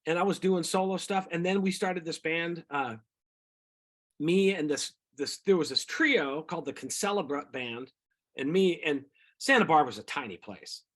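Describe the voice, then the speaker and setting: A middle-aged singer-songwriter telling rambling, animated stories about his music career in a casual interview. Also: fairly high pitch, moderate pace. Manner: rambling, animated anecdotes with quoted voices.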